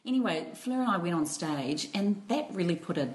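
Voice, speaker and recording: A middle-aged woman co-hosting a podcast, telling stories in animated casual chat and often breaking into giggles. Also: fairly low pitch, a little fast, rough recording. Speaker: podcast co-host.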